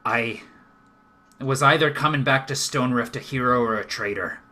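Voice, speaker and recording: A man voicing an earnest, proud male dwarf leader in a tabletop game who talks gruffly and says "aye". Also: medium pitch, moderate pace, pushed and bright, natural voice. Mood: solemn.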